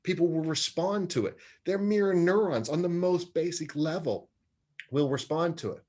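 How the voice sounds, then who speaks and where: A man's voice: medium pitch, a little mellow. A man speaking as an interview guest, an anger management specialist and sports psychologist, talking earnestly and acting out quoted voices. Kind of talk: interview conversation.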